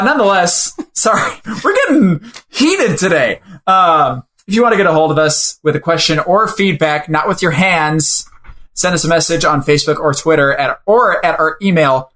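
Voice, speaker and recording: A man's voice: fairly high pitch, lively intonation, normal speed, sharp tone. A man co-hosting a podcast in casual chat, joking around and stumbling and apologizing as he reads the show's sign-off. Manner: jokey, fumbles and apologizes through the read. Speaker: podcast co-host.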